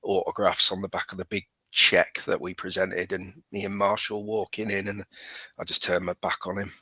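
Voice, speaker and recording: Bright-voiced northern English man. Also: deep voice, moderate pace, slightly rough, no room sound. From southern England. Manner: relaxed anecdotal storytelling. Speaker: podcast guest. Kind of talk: casual chat.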